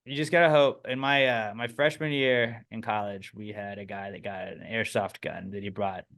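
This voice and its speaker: A man co-hosting a podcast in casual chat, animated and swearing freely. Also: on the low side, normal speed, vocal fry. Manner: animated, swears often, voices people mid-story. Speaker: podcast co-host.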